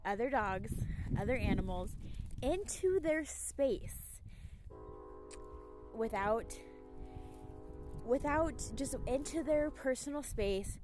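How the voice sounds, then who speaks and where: A young woman dog trainer giving casual, emphatic advice, slipping into quick acted asides. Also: fairly high pitch, animated, over music. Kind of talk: casual talking-head advice.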